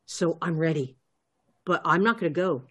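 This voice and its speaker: A woman's voice: sits low, expressive, normal speed, a bit bright, husky. Chatty woman playing a tabletop game. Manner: chatty, repeats herself. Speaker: player. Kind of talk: casual tabletop game talk.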